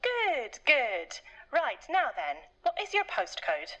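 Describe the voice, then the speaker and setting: An actress voicing a brisk, officious female clerk at a delivery company. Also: sits high, huge pitch swings, pushed and bright, full character voice. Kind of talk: video game voice acting.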